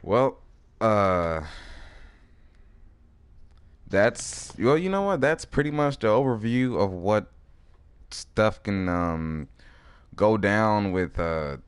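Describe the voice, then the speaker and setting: Deep, smooth male podcast host, dry close sound, rambles a bit. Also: animated, takes it slowly, long pauses, no echo. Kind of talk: casual podcast chat.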